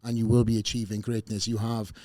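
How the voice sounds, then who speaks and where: A man's voice: on the low side, flat delivery, a little fast, dry recording. A man hosting a podcast, joking around and rambling with lots of fillers before thanking his guest. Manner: joking, rambling, warm sign-offs with fillers. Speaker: podcast host. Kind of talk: casual podcast chat.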